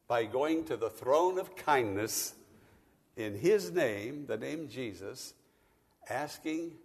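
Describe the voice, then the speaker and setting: A man's voice: mid-range voice, a little mellow, big-room sound. A man preaching a sermon as pastor, building to emphatic bursts. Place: church.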